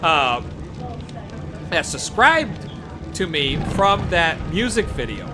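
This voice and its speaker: A man's voice: fairly high pitch, very animated, slow. A man hosting a casual livestream over gameplay, rambling with many fillers and restarts. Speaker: gaming channel host. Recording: game music playing behind the voice. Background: game soundtrack music.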